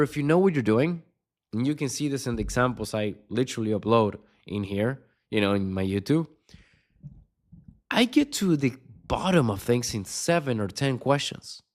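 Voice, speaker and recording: A man coaching on sales in an unscripted video lesson, blunt and swearing constantly, with punchy emphatic delivery. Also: medium pitch.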